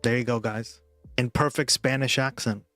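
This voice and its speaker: A man's voice: medium pitch, fairly even intonation, moderate pace, a bit bright, dry recording. A man livestreaming and chatting casually with viewers, rambling and full of "like" and "right?", with faint music behind him.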